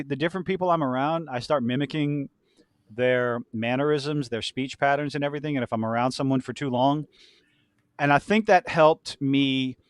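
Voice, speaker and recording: A man's voice: medium pitch, no echo, clean studio sound. A man co-hosting a casual podcast chat, from southern Louisiana, rambling, laughing often and swearing. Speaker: podcast co-host.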